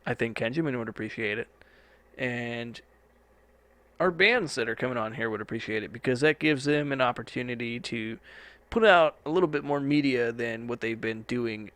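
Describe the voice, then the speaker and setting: In casual solo podcast talk, a male host chats loosely and rambles, dropping the occasional swear word. His medium-pitched voice is a bit bright, at normal speed, in a dry recording.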